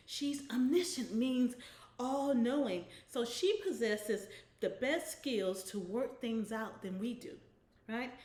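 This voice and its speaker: A woman's voice: a little high, darkish tone, reverberant. A woman hosting a weekly inspirational devotional, talking conversationally and often checking in with "right?". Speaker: devotional host.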